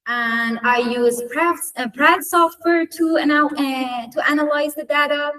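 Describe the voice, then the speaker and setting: A woman's voice: high-pitched, unhurried, pushed and bright. A woman giving an academic conference talk, hesitant, with many fillers and restarts. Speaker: student conference presenter. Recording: voice from far off the mic.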